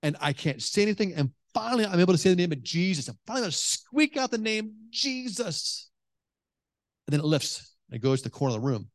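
A male pastor preaching, his voice sitting a little high for a man. He tells his stories in an animated way, full of restarts and filler words. The sound is dry and close, with little room around it. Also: a little fast, no room sound. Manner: animated storytelling, many restarts and "like". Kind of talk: sermon. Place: church hall with congregation.

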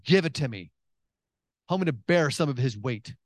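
A man preaching a sermon in a chatty, joking way, acting out his own prayers with big leaps in pitch and talking through many restarts. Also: lively intonation, moderate pace, no room sound. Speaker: pastor.

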